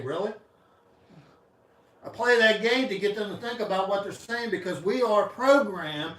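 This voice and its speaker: A male pastor preaching a sermon with passion, his voice swinging from loud to soft. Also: high-pitched, lively intonation, moderate pace, roomy sound, recorded from a distance, poor audio. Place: church sanctuary.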